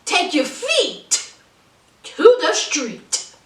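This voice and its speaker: A woman's voice: sits high, huge pitch swings, drawn-out words, full character voice. A woman voicing a fed-up, middle-aged mother who scolds her grown son in an exasperated way. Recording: roomy, from a distance.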